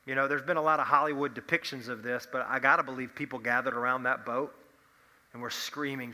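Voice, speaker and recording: Animated youth pastor in a big hall. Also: male voice, mid-range voice, fairly quick. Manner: animated storytelling, acts out imagined voices. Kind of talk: youth sermon.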